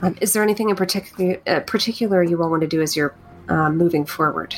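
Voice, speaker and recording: A woman narrating as game master of a tabletop game, often pausing with fillers as she searches for words. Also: fairly low pitch, soft background music. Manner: hesitant, many fillers.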